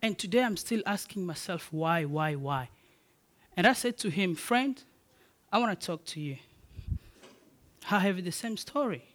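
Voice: medium pitch, expressive, normal speed, long pauses, fairly bright tone. A preacher giving a sermon, telling personal stories and repeating key phrases in emphatic, rising declarations. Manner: personal storytelling.

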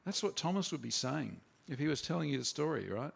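Earnest male preacher, slightly high voice. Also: very animated, fast, vocal fry, few pauses, husky. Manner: earnest, plain-spoken, with frequent restarts. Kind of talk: sermon.

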